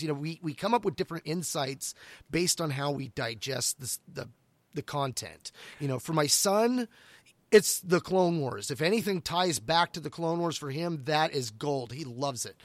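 A man's voice: on the high side, no room sound. A middle-aged man co-hosting a podcast, talking casually about books and often restarting his sentences. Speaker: podcast co-host. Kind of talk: casual book discussion.

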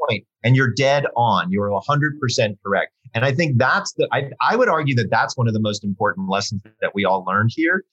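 A man speaks as a sleep coach in a casual conversation, emphatic and reassuring with parents. His voice is husky and somewhat raspy. It sits at a middle pitch for a man. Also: animated, fairly quick, few pauses, a bit bright, lo-fi sound. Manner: reassuring, emphatic, occasionally swears. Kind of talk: casual chat.

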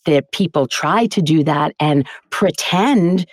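A woman's voice: low-pitched, expressive, slow pace, dry recording, studio quality. A woman who teaches voiceover acting, talking earnestly and emphatically in a casual podcast interview.

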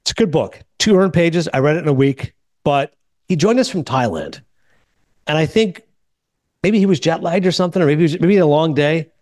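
A man hosting a casual movie podcast, telling stories quickly and acting out the people he quotes. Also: a little high, no echo, clean studio sound. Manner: fast, animated storytelling with quoted voices. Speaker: podcast host.

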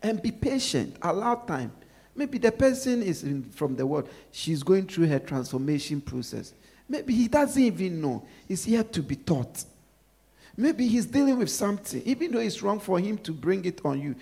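Man preaching a sermon, raspy husky voice, keeps repeating himself and quizzing the room. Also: high voice, very animated, moderate pace, darkish tone. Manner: repetitive, emphatic, asks the congregation to finish sentences.

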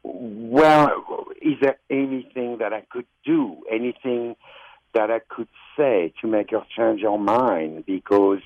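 French-accented male caller, low voice, hesitant and halting, muffled phone sound. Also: dry recording. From France. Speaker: radio caller.

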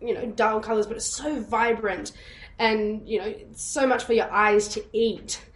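A woman's voice: fairly high pitch, steady tone, unhurried. Bubbly young woman guest. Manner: bubbly, laughing often. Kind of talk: casual interview chat. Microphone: video call.

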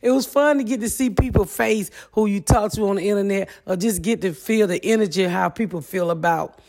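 A woman in her forties with a Midwestern US accent hosts a podcast as a brash, profane, comic solo monologue. She speaks briskly in a medium-pitched, slightly mellow voice.

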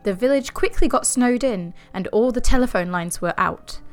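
A woman's voice: on the high side, animated, moderate pace, faint music behind. A woman co-hosting a podcast, telling a creepy story in a jokey, giggly way and swearing casually. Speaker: podcast co-host.

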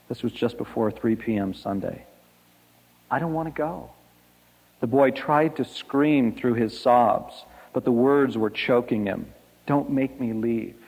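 A man preaching a sermon, telling a story slowly and dramatically, letting his lines fade to a hush. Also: medium pitch. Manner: slow, dramatic storytelling with soft, hushed line endings. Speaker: pastor. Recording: echoey hall.

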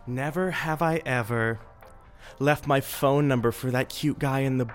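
A man's voice: medium pitch, measured pace, soft background music, lightly acted. A man playing a nosey, dreamy woman who teases her friends in an improvised comedy sketch.

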